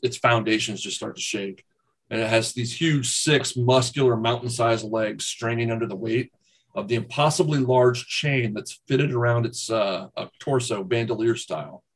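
A man's voice: mid-range voice, slightly rough. A man narrating as game master of a tabletop game, in a casual, fillered way with the odd swear word.

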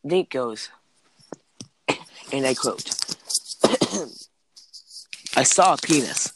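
A man's voice: medium pitch, lively intonation, drawn-out words, background noise. A man in casual chat, rambling through school stories with lots of "like" and "um". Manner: rambling, heavy use of "like" and "um".

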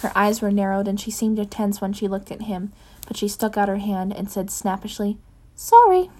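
A woman's voice: mid-range voice, level tone, fairly quick. Woman reading a story, unpolished. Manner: unpolished, corrects her own slips. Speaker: reader. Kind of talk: reading fan fiction aloud.

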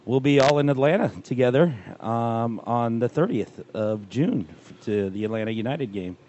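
A man hosting a casual sports podcast with friends, upbeat and running the show with quick greetings. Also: mid-range voice, expressive, a little mellow, lo-fi sound, a little hiss or hum. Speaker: podcast host.

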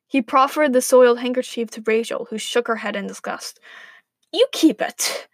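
Breathy woman reading a story. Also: a little high, steady tone, brisk, no echo. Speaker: narrator. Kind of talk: storytelling read-aloud.

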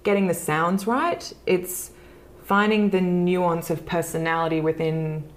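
Australian actress guest in her thirties, candid and chatty, low-ish voice, laughs easily. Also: a little slow. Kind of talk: casual podcast interview.

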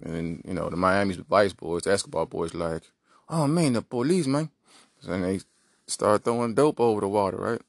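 A man's voice: deep voice, fairly even intonation, fairly quick, vocal fry, no echo, clean studio sound. A man hosting a podcast, telling a rambling comic story with lots of asides. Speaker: podcast host. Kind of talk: comedic monologue.

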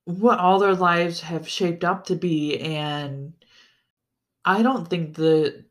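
Slow-talking, cussing book podcast host. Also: mid-range voice, a bit bright. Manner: enthusiastic, swears freely, stumbles and restarts. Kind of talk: casual solo book-review chat.

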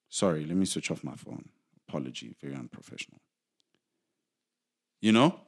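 A South African man ranting in casual commentary, angry and emphatic, with many restarts, loud outbursts and low mutters. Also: very animated, normal speed, long pauses, breathy edge.

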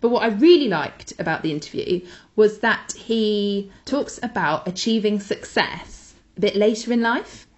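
A woman co-hosting a chatty podcast, talking with gushing enthusiasm about things she recommends. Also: medium pitch. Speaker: podcast co-host. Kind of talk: casual chat with recommendations.

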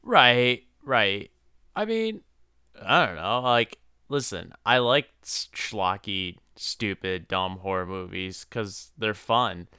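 Bright, crisp-voiced young man. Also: on the low side, lively intonation, slow pace, no room sound, studio quality. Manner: laughs often, stammering restarts. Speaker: podcast co-host. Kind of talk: casual chat.

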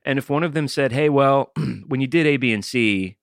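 A man's voice: medium pitch, normal speed, vocal fry, dry recording, studio quality. A man in his forties co-hosting a podcast, reasoning aloud thoughtfully and often restarting his sentences. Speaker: podcast co-host. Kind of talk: casual podcast discussion.

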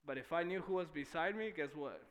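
Man, young adult, pastor, church sermon, bright forceful tone, animated delivery. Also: fairly high pitch, fairly quick. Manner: animated, swings from shouting to near-whispers.

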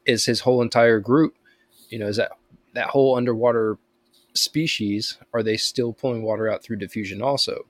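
A man's voice: lowish voice, no echo. A man co-hosting a podcast in casual chat, rambling through explanations with many fillers. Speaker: podcast co-host.

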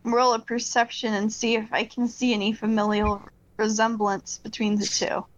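A woman's voice: on the high side, little pitch movement, normal speed, lo-fi sound. A woman playing a tabletop game, calling her dice rolls in a matter-of-fact way. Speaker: player. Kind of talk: casual tabletop game talk.

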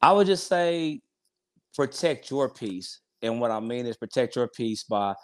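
A man's voice: medium pitch, expressive, measured pace. A man in his forties talking openly in a casual interview, heartfelt and rambling, often restarting his sentences. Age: 40s. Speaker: podcast guest.

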